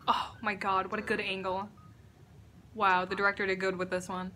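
A young woman filming a casual reaction vlog indoors at a friend's house, excitable and gushing and swearing freely. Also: medium pitch, moderate pace, slight background noise. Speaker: reaction vlogger.

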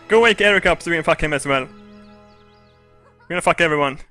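A man doing let's play commentary on a game, excitable and crude, with loud shrieks and laughter. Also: fairly high pitch, normal speed, long pauses, faint music behind. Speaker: gaming video host.

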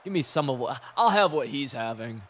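A young man talks through a football video game as he plays it, jumping between calls to his players and chatty asides. He gets excitable, swears freely and breaks into laughs. His pitch sits in an ordinary middle range. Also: brisk. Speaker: gaming streamer. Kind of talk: live gameplay commentary.

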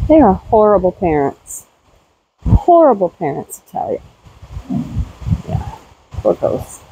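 A woman talking casually while doing farm chores outdoors around a barn, cooing at her animals in a high baby-talk voice. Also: sing-song, takes it slowly, warm tone, dull audio, slight background noise. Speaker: homesteader vlogger. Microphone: handheld camera.

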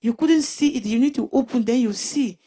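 A woman giving a personal Christian testimony in an emotional, halting way, often restarting and repeating her words. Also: fairly high pitch, warm tone, breathy edge. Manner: emotional retelling.

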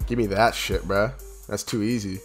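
A young man giving excitable, profane gameplay commentary, swinging between loud hype yells and low muttering. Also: moderate pace, music in the background. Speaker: gaming YouTuber.

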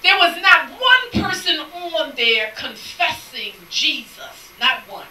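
A woman preaching a sermon, telling a lively story and acting out the people in it, sometimes shouting and laughing. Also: high-pitched, slow, slight background noise. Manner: animated storytelling, acts out quoted people; shouts and laughs between lines. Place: church sanctuary. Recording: echoey church sound from a distant mic.

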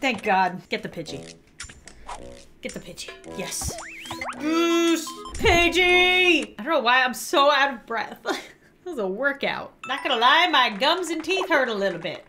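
A woman's voice: high voice, sharp tone. A young woman hosting a casual gaming vlog at home, chatty, giggling and exclaiming often. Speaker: channel host.

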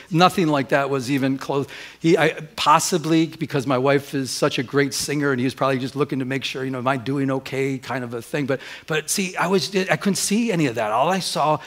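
Middle-aged male pastor, animated storyteller, slightly higher voice. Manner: animated storytelling, acts out dialogue, many restarts. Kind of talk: sermon with personal story.

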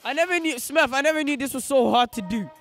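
A man's voice: very high voice, fast talker, a bit bright, soft background music. A man with a Birmingham accent co-presenting, stumbling over words and laughing at himself. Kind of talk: casual street chat.

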